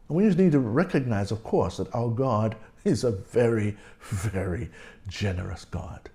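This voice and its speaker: A man's voice: fairly low pitch, animated, warm tone. A male pastor preaching a sermon and reading scripture aloud, repeating key words for emphasis. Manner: reads scripture aloud slowly.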